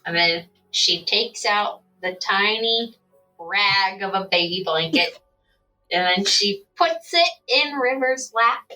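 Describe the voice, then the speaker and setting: A woman playing a tabletop game, giggly and blunt, sometimes shouting. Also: medium pitch, animated, slow pace, far from the mic, faint music behind, poor audio. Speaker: player.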